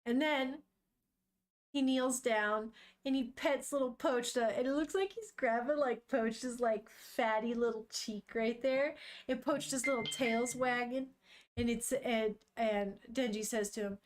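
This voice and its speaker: Chatty woman streamer, slightly high voice. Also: unhurried. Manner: chatty, swears casually, talks to viewers. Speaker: streamer reading manga. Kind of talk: casual live-stream chat and read-along.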